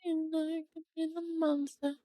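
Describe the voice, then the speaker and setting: A woman streamer chatting casually with viewers in a bubbly, excited high-pitched voice. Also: unhurried, dry recording, clean studio sound. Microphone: desk microphone.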